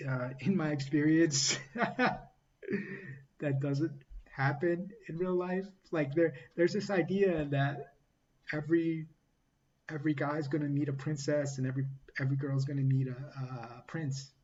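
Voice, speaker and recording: A man talking casually through a book review, halting often with fillers and restarts and reading quotes aloud. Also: on the high side, fairly even intonation, a little mellow, highs cut off.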